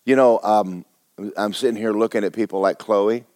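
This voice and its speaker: A man's voice: fairly low pitch, fairly even intonation, moderate pace, a little mellow, no room sound, studio quality. Conversational male pastor preaching. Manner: conversational preaching, rhetorical questions to the congregation. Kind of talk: sermon. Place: church sanctuary.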